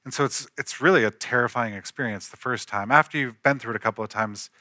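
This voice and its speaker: A man's voice: mid-range voice, fast, pushed and bright, no room sound, studio quality. A man in his thirties, a pastor, preaching an earnest storytelling sermon that rises to emphatic peaks.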